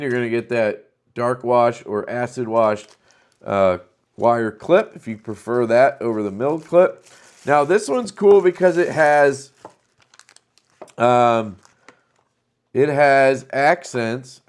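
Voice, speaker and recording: A man's voice: lowish voice, vocal fry. A man hosting a casual product showcase, talking loosely and enthusiastically with plenty of fillers. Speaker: knife channel host.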